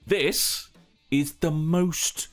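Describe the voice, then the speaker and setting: A man's voice: on the high side, steady tone, extremely slow, soft background music. A man hosting a podcast, speaking sarcastically in a comedic role-play. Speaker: podcast host.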